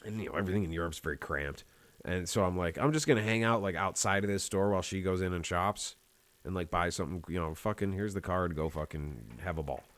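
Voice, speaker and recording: Low-voiced American man telling rambling stories. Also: quick pace, a bit bright, no room sound. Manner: rambling, profane storytelling. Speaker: podcast host. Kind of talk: casual chat.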